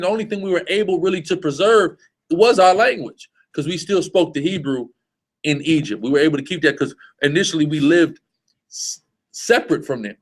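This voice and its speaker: A man's voice: a little high, poor audio. A man teaching in a loose, emphatic preaching style, often stopping to ask whether his listeners follow him. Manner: emphatic, repetitive, asks "you see what I'm saying?". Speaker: street preacher teaching a group. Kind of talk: informal religious teaching.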